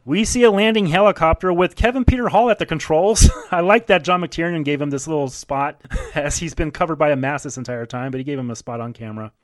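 A man's voice: fairly high pitch, quick pace, no echo. A man recapping a film's scenes in casual chat, narrating events and laughing as he goes. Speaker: podcast co-host recapping a film.

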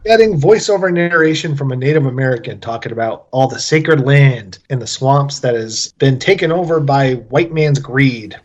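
A man's voice: medium pitch, moderate pace, few pauses. A man co-hosting a casual film review podcast, recapping scenes with sarcastic asides. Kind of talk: casual chat.

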